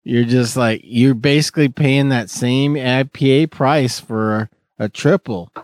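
A man's voice: medium pitch, a little slow, no room sound. A man hosting a casual podcast chat, joking and rambling with many restarts. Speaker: podcast host.

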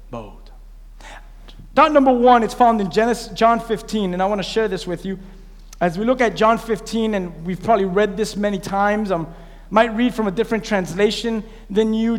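A man preaching a sermon, pausing to quiz his congregation and have them repeat lines back. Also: sits high, in a large hall. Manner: call-and-response preaching, quizzing the congregation. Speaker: pastor. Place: church sanctuary.

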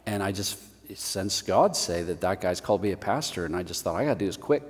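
An earnest young man, as a preacher puts him on, quietly recounts a moment of sensing God. His voice is low and slightly husky, and a long hall reverb trails it. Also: expressive, fast. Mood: hushed.

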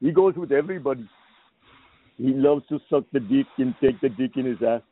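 A man's voice: medium pitch, a little fast, breathy edge, lightly acted. A man playing a crude, mocking immigrant persona on a chat line prank call, heard over a tinny phone line. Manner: taunting, mocking.

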